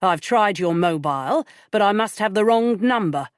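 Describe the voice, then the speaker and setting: Woman doing a secretive man on a phone call, sharp, clipped, insistent, lowish, dry. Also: animated, measured pace, no room sound. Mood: irritated. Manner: sharp and clipped when irritated. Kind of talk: audiobook character voice.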